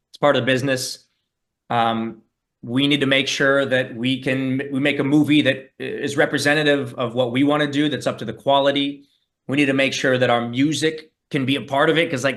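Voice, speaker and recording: A man answering fan questions in a relaxed, thoughtful casual chat over a video call, with plenty of fillers. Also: mid-range voice. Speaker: guest musician meeting fans.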